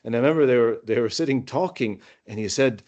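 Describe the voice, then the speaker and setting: A man's voice: mid-range voice, fast. Man telling stories on a muffled call. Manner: rambling, warm anecdotes with many restarts. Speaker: former student sharing memories. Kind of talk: casual storytelling.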